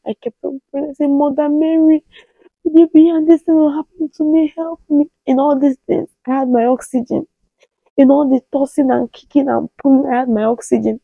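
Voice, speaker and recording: A Nigerian woman in her thirties with a Nigerian English accent, telling an emotional personal story in an animated way. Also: brisk, vocal fry, no echo, narrow, tinny audio. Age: 30s. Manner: animated, acts out quoted pleas in a higher voice. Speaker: vlogger.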